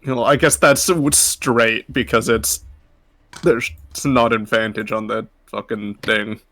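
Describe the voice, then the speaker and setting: A man's voice: mid-range voice, fairly even intonation, measured pace, fairly bright tone. A man playing a tabletop game on a voice call, blunt and swearing casually. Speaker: player.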